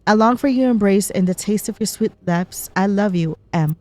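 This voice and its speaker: A woman's voice: medium pitch, moderate pace, warm tone. Woman reading game letters aloud. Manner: reads on-screen letters aloud, chatty reactions. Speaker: gameplay streamer.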